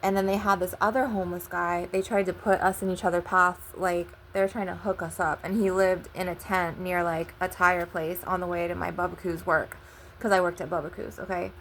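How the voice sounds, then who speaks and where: A woman with a low, gravelly voice tells a personal story in a flat, level tone. Her delivery is rambling and casual, full of swearing and retold back-and-forth dialogue. A faint background hum sits under her voice. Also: fairly quick. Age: adult. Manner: rambling, profane, retells dialogue with "I'm like". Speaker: channel host.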